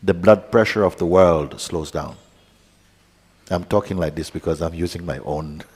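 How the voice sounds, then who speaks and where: A man with a very low voice speaks slowly and calmly, guiding listeners into quiet contemplation and now and then slipping in a playful aside. His voice rings out in a large hall with a long reverb. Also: breathy edge. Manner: slow, calm guidance with playful asides. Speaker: spiritual teacher. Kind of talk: guided meditation talk.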